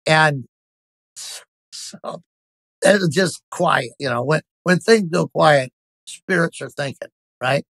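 Intense, emphatic pastor. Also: male voice, a little high, slow pace, vocal fry, pauses often, a bit bright, no room sound. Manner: intense, emphatic storytelling with lots of restarts. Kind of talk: telling a personal story in an interview.

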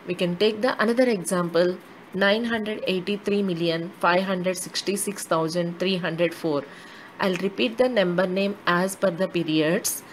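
A woman teaching a math lesson, reading out numbers slowly and deliberately. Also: fairly low pitch, slight background noise, rough recording. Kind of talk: classroom lesson.

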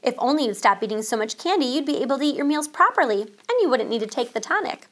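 A woman reading aloud voices a gentle mother who coaxes and soothes her children. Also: high voice, animated, quick pace. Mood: coaxing. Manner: coaxing, motherly.

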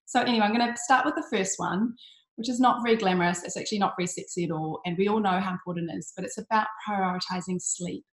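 Woman, health coach, chatty, many ums, tired, echoey room, mid pitch. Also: fast. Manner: chatty, with frequent ums and restarts; uses 'bloody' as an intensifier. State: tired from little sleep. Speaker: health coach giving an online talk. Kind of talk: casual presentation.

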